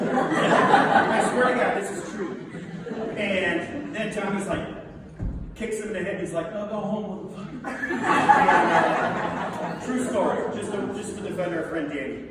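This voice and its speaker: A middle-aged man with a high-sitting voice animatedly tells a crowd stories about a friend, laughing readily. Recorded from a distant mic, he echoes through a large, reverberant hall over steady background noise.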